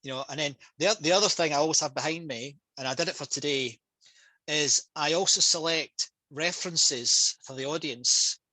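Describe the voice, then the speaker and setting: A Scottish man talks with lively passion over a video call headset, his voice bright and a little high for a man. The sound is dry and close, with no room around it. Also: moderate pace, no echo, poor audio. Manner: passionate, energetic storytelling. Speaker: public speaker and trainer. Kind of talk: casual talk on a video call.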